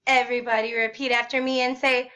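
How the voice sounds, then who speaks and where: A woman teaching a video lesson, saying words slowly and with exaggerated, sing-song emphasis for her class to repeat, and praising often. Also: fairly high pitch, little pitch movement, sharp tone. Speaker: Spanish teacher.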